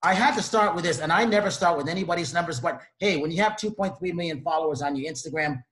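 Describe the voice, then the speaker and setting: A man's voice: on the high side, fast talker, fairly bright tone. Man, interview host, enthusiastic, echoey room. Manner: enthusiastic, effusive. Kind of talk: interview host introduction and questions. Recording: roomy echo.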